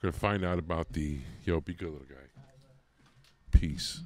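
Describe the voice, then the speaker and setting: A man's voice: extremely low pitch, unhurried. A man hosting a podcast, teasing his co-host in brash, profane casual banter.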